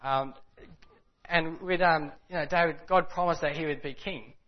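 A man's voice: on the high side, steady tone, normal speed. Guy giving a chatty sermon, tells stories and does the voices, kinda muffled recording. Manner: conversational, many fillers, acts out quoted people. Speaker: preacher. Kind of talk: casual sermon storytelling. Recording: dull lo-fi sound.

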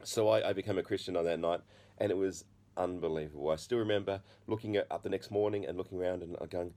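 A middle-aged man preaching, telling his own story in an earnest, halting way. His voice sits low and sounds warm and soft. He stops and restarts often, with plenty of fillers. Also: fairly even intonation. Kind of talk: testimony sermon.

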